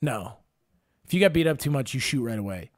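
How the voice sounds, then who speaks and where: A man's voice: mid-range voice, brisk, no room sound, studio quality. A young man hosting a casual podcast, a stand-up comic from Wisconsin who tells rambling, profane stories with lots of energy. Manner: profane storyteller, animated and rambling. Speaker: podcast host and stand-up comedian. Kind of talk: casual chat.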